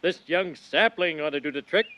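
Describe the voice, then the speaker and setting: A man's voice: fairly high pitch, normal speed, bright, forceful tone. An actor playing a gullible, bumbling middle-aged cartoon father who is easily swayed. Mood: confident. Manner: dim, easily swayed, blustering. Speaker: cartoon character.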